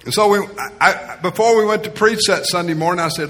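A man's voice: high voice, fairly quick, hardly any pauses, fairly bright tone. A male pastor preaching a sermon as a personal story, in a storytelling style that acts out the quoted voices. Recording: reverberant hall.

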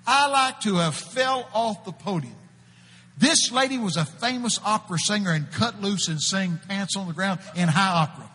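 A husky, forceful man with a drawl preaches in an animated, folksy way. His fairly high voice bursts into loud proclaiming and then sinks to a hushed murmur. The sound carries the long echo of a church hall. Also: moderate pace. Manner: animated, folksy, shouts out quoted prophecies, swings between loud and hushed. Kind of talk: sermon with storytelling.

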